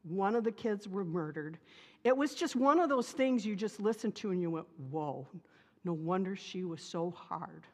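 A middle-aged woman pastor preaches in a long-reverb church sanctuary, her voice sitting at a middle pitch. She tells personal stories with lively, animated humor. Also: normal speed. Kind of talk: sermon with personal storytelling.

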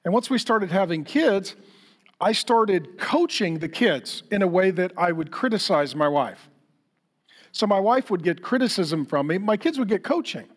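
A middle-aged pastor with a notably high voice preaches in an easy, conversational way. He is candid and self-deprecating, and he often slips into acting out quoted exchanges. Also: animated, normal speed, big-room sound. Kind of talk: sermon.

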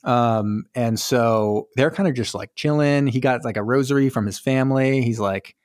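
A man's voice: medium pitch, normal speed, darkish tone, dry recording, studio quality. A man co-hosting a casual movie recap chat, rambling and joking as he acts out the characters' lines. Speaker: podcast co-host.

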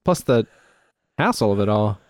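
A man's voice: fairly low pitch, animated, normal speed, darkish tone, no echo. A man in casual chat, a supportive listener who chuckles often.

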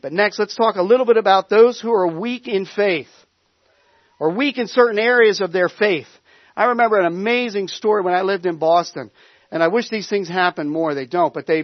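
High-voiced pastor, rambling story. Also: male voice, no echo, muffled recording. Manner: conversational storytelling with frequent restarts. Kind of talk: sermon.

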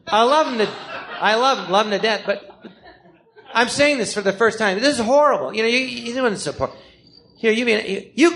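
Comedian man, fairly high voice, storytelling live on stage, animated and profane. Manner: animated, acts out other people's voices in quotes; swears freely, self-deprecating. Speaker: comedian telling his life story. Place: theater stage before a live audience.

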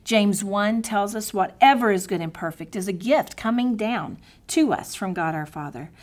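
A middle-aged woman teaching a devotional lesson at a mid pitch, earnest and heartfelt. She often drops to soft, near-whispered tones for prayers and scripture, then lifts again to press her point. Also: moderate pace. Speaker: Bible teacher.

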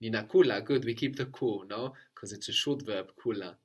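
A man's voice: lowish voice, normal speed, husky. A man teaching a language lesson, patiently prompting his student and repeating her answers.

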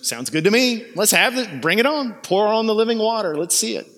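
A woman's voice: medium pitch, animated, a little fast, fairly bright tone, pitched above the performer's own voice. A man preaching who voices a defensive, sarcastic woman at a well, with mocking retorts. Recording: long hall reverb.

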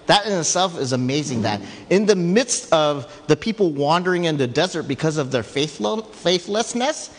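A man preaching a sermon, retelling a story in a lively, conversational way with frequent asides. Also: a little high, normal speed, hardly any pauses. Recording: long hall reverb.

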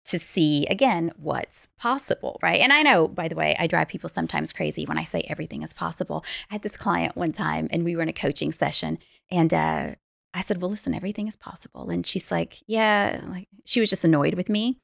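A woman's voice: low-pitched, brisk, vocal fry, no room sound, clean studio sound. A woman life coach telling stories with energy in a podcast conversation, laughing easily. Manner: animated storyteller, laughs easily.

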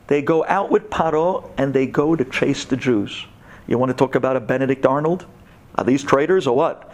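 A man giving a humorous Torah talk to a women's audience, telling the story with jokes and acted-out scenes. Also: medium pitch. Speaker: Torah teacher.

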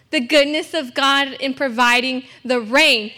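At a church service, a young woman from California serves as guest preacher, her high-pitched voice pushed and bright. She talks a little slowly with hardly any pauses, earnest and emphatic, poking fun at herself along the way.

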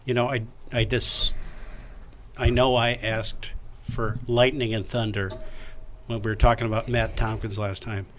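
A middle-aged man co-hosting a podcast with mock-grumpy, deadpan jokes. His voice sits at an ordinary pitch, and a faint hiss runs underneath it. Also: a little slow. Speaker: podcast co-host. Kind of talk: casual podcast chat.

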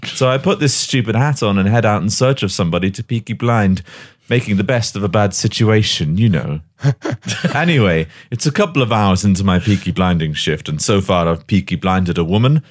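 Animated man telling a comic tale. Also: fairly low pitch, brisk. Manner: animated, swearing, mock-dramatic. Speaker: podcast host. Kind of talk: comic storytelling.

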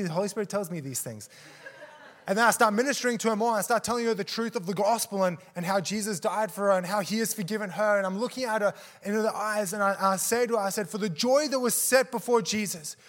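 A man with a high voice preaches to a church congregation. He tells a story with lots of energy, acting out the people in it with gasps and laughter. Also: fast. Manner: animated, acts out quotes with gasps and laughs. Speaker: guest preacher. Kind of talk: sermon storytelling. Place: church service.

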